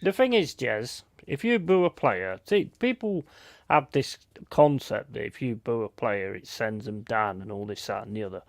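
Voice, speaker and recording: A man hosts a late-night football watch-along, talking in a relaxed, blunt way and dropping the odd swear word. His voice has a gravelly, fried edge and sits in the middle of the range. The sound is close and dry, with no room around it. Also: mid-range voice, normal speed, dry recording. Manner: blunt, sweary banter with chat shout-outs. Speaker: stream host. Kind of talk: casual live watch-along chat.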